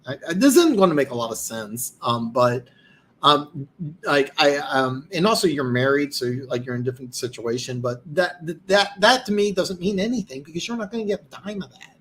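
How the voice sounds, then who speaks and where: Hosting a live football stream and reading out comments, this man has an expressive, fairly bright voice on the high side and talks fairly quickly. He's tired, his voice is going, and he rambles boastfully with many restarts.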